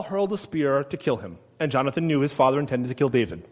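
A man preaching a sermon in a conversational way, asking his listeners questions and loudly acting out the quotes he reads. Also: medium pitch, sing-song, quick pace, few pauses. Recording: long reverb of a large room.

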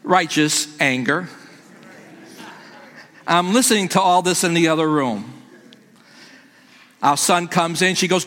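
Brief: middle-aged male pastor, bright high voice, unhurried and earnest, echoey sanctuary. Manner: earnest, quotes scripture. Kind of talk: sermon. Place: church. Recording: echoey church hall.

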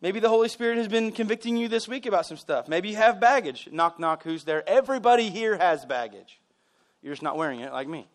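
A pastor delivers a sermon in a high voice. He keeps it conversational and animated, drifting into stories and quick asides to the congregation.

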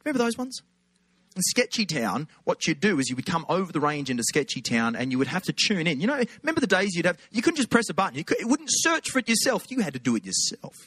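A man with an Australian accent, a pastor telling funny stories in an animated sermon. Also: sits high, quick pace, breathy edge, dry recording. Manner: animated, jokey, lots of put-on voices. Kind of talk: humorous sermon storytelling.

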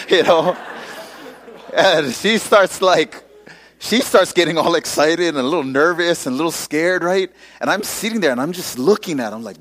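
A man's voice: fairly high pitch, expressive, fairly quick, fairly bright tone. A male pastor telling a personal story in a casual sermon, using lots of local slang.

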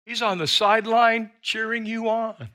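A man's voice: sits high, fairly even intonation, moderate pace, sharp tone. A man preaching a sermon as pastor, emphatic and repeating himself for stress. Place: church with an online audience.

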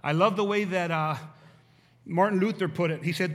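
A middle-aged man preaching a sermon as pastor, animated and repeating his points for emphasis. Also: high-pitched, normal speed. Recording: long hall reverb.

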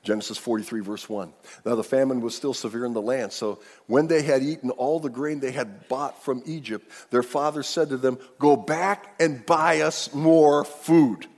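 A middle-aged male pastor preaching a sermon, retelling a scripture story with animated acted-out dialogue. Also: medium pitch, brisk, long reverb tail.

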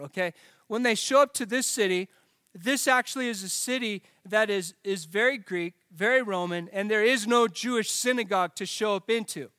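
A man's voice: high voice, fairly bright tone, no echo. A man preaching a sermon as a pastor, casual and joking, often correcting himself mid-sentence.

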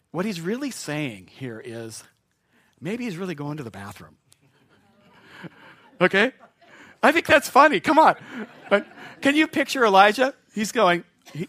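A man's voice: on the high side, pushed and bright, no room sound. A man preaching a sermon in a jokey, chuckling, conversational way. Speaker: pastor.

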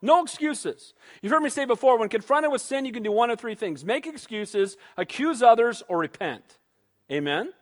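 A man preaching a sermon, animated, who acts out quoted voices and calls for amens. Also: extremely high pitch, moderate pace. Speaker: pastor. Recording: long hall reverb.

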